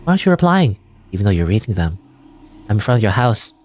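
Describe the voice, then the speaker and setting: A man's voice: on the low side, sing-song, quick pace, darkish tone. A man voicing a clingy, obsessive young female student who stalks her senior, in an anxious, pleading manner.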